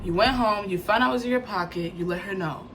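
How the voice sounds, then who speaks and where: A woman voicing a calm, matter-of-fact school counselor, recapping slowly and deliberately. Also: mid-range voice, faint music behind, voice pushed down, close to an everyday voice, low-quality recording.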